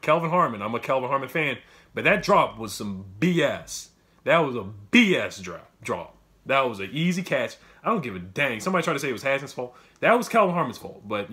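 A young man giving a casual, emotional fan recap, full of fillers and repeats, swinging between loud outbursts and quiet muttering. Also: mid-range voice. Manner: filler-heavy, repeats himself. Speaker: sports fan commentator. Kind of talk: casual fan reaction monologue.

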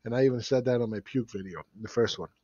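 A man's voice: mid-range voice, quick pace, warm tone, no room sound, highs cut off. A man hosting his own market commentary video, talking bluntly and sarcastically and chuckling often as he walks through charts. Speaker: market analyst host.

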